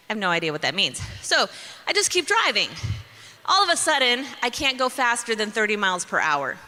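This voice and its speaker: Animated young woman telling a story in a hall. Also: fairly high pitch. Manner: animated storyteller acting out her own lines. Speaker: speaker. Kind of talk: storytelling talk to an audience. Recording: long reverb of a large hall.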